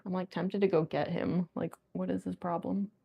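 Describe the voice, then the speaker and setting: Gravelly-voiced woman chatting on a livestream. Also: on the low side, little pitch movement, moderate pace, lo-fi sound. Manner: chatty and giggly, with frequent laughs. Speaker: artist livestreamer. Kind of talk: casual livestream chat while drawing.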